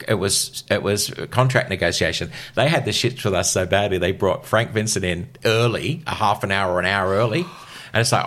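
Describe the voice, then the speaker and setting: Deep-voiced older man. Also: brisk. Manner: lively storyteller, acts out quoted voices. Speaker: veteran broadcaster, guest. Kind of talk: casual interview chat.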